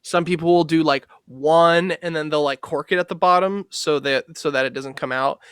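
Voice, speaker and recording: A young man co-hosting a casual podcast, his voice sitting a little high for a man. He rambles through stories, swears freely and leans on fillers. The sound is dry and close, with hardly any room around it. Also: steady tone, moderate pace, clean tone, no echo. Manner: rambling storyteller, swears a lot, acts out quotes loudly. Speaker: podcast co-host. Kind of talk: casual chat.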